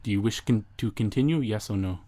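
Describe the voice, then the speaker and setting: A man with a fairly low voice co-hosts a casual comedy podcast. He leads his friend through an improvised role-play scenario, insistent and playful, often dissolving into laughter. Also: quick pace, dark tone.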